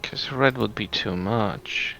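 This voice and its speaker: A man's voice: fairly low pitch, slow, creaky, bright, forceful tone, soft background music, low-quality recording. A man chatting casually, hesitant and rambling with frequent fillers. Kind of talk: casual chat.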